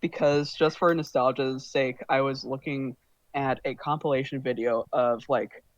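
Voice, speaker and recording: A man's voice: mid-range voice, fairly even intonation, moderate pace, no room sound. Podcast co-host, male, rambly casual chatter, dry muffled home mic. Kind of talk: casual chat. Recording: dull lo-fi mic.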